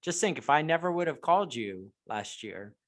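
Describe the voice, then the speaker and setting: A man as a guest in a casual chat, talking earnestly and reflectively with halting restarts. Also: on the high side, sing-song. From United States.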